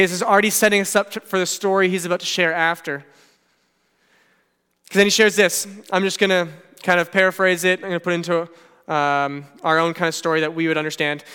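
A man preaching a sermon in an earnest, conversational way, his voice high and bright with a smooth, resonant clarity. His words ring out with a long hall reverb behind them. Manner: earnest preaching with frequent "okay" asides and paraphrased storytelling. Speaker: pastor.

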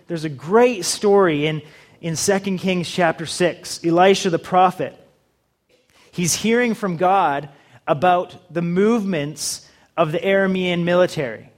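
A man preaching a sermon in a humorous, conversational way, acting out little dialogues with the audience. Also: high voice. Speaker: pastor.

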